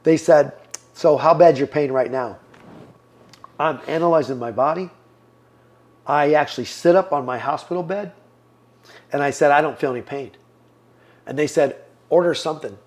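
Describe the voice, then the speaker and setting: A man's voice: fairly high pitch, normal speed, long pauses, darkish tone. A man in his fifties, a podcast guest, giving an earnest personal testimony and acting out the lines people said to him. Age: 50s. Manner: earnest storyteller, acts out quoted lines.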